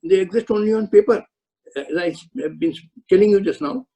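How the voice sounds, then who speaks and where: Casting note: older retired judge, firm and lecturing, high voice with a dark husky tone. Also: male voice, fairly quick, low-quality recording. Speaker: retired Supreme Court judge speaking to law students. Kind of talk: webinar answers to student questions. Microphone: video call.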